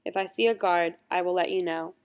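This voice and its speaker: A woman reading a soft, weary young camp doctor. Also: lowish voice, steady tone, brisk, clear, resonant tone, close to an everyday voice. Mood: tender, sad. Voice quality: soft and hushed.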